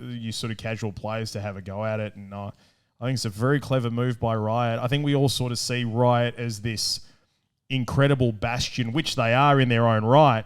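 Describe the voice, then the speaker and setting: A man's voice: mid-range voice, smooth. Rambling Australian man co-hosting. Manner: enthusiastic, rambling with fillers. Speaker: show co-host. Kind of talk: casual chat.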